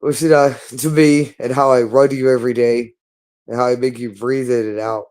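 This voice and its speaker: A man's voice: mid-range voice, little pitch movement, moderate pace, darkish tone. Hostile man in a profane tirade. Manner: hostile, repetitive and profane, berating. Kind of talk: angry monologue.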